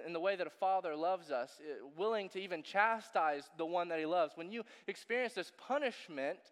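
High-voiced man preaching casually. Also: in a large hall. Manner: casual, joking preaching with fillers. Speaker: pastor. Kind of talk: sermon.

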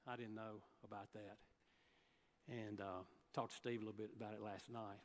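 A man's voice: lowish voice, little pitch movement, moderate pace, long reverb tail. A man preaching a sermon, telling folksy stories and acting out the people he quotes. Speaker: guest preacher. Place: church sanctuary.

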